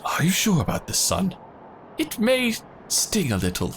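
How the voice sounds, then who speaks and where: A man's voice: high voice, huge pitch swings, unhurried, a bit bright, slight background noise, heavily acted. A man reading a proud, bombastic old grandfather's lines from a game in a hammy voice.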